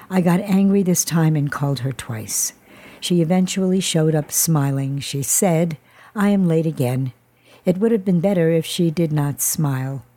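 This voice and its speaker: A woman narrates a first-person testimony from a script, with a careful, measured delivery. Her voice sits low and sounds warm and mellow.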